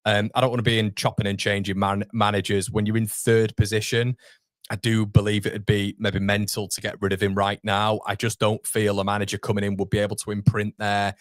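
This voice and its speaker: A man's voice: lowish voice, monotone, fairly quick, dry recording, studio quality. A young man hosting a live football fan stream, chatting casually and reading viewer comments aloud. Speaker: fan channel host. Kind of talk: live football watchalong chat.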